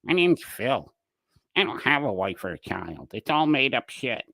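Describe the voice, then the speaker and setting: A man mockingly voicing a creepy middle-aged man who makes flat, deadpan confessions. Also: medium pitch, a little slow, vocal fry, no room sound, full character voice.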